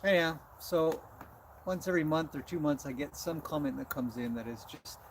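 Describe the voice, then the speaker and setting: A man's voice: fairly high pitch, brisk, slight background noise. Chatty man talking to his animals. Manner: chatty, talks to his animals between thoughts. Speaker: horse trainer livestream host. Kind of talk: casual livestream chat. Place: outdoors beside a horse.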